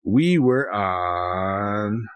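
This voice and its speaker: A man in his thirties hosting a casual podcast, telling animated, profanity-laced stories. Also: lowish voice, very slow, clear, resonant tone, no room sound. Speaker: podcast host.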